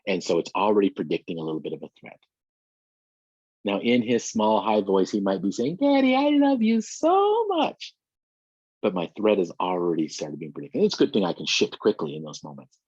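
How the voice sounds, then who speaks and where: Deep husky male presenter. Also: fairly quick, darkish tone, no echo, muffled recording. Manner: explains with everyday examples, speaking to listeners directly. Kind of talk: online training presentation.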